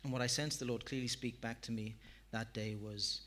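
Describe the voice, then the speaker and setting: A man's voice: mid-range voice, normal speed. Man preaching a sermon story. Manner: self-deprecating, animated storytelling. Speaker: pastor.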